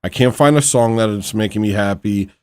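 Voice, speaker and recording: A man's voice: lowish voice, fairly quick, smooth, no echo. A man hosting a casual livestream, rambling and muttering to himself in a frustrated way. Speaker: livestream host.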